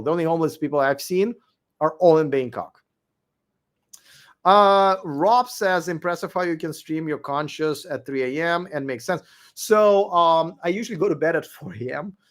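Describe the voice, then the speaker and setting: With a fairly high pitch and a weak voice he's in the middle of losing, a man hosts a late-night livestream and replies to viewers' comments. He argues bluntly, cursing and repeating himself.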